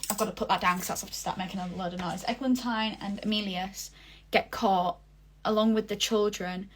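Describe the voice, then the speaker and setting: A woman's voice: mid-range voice, steady tone, a little fast. A young woman talking casually in a vlog, reviewing a stage show with gushing enthusiasm and lots of fillers. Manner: chatty, gushing, many fillers. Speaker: vlogger.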